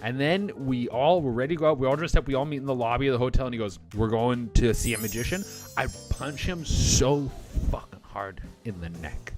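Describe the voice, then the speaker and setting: A man's voice: mid-range voice, brisk, a little mellow. A man hosting a comedy reaction show, riffing casually with rambling, profane jokes between clips. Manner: rambling, profane, jokey riffs. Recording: music playing behind.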